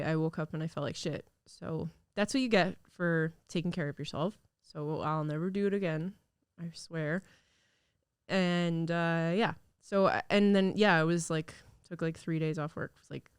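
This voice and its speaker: A woman's voice: low-pitched, clear, resonant tone, dry recording. A young woman hosting a podcast, chatting casually and rambling with lots of fillers, recorded in a studio. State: recovering from illness. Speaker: podcast host. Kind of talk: casual solo podcast chat.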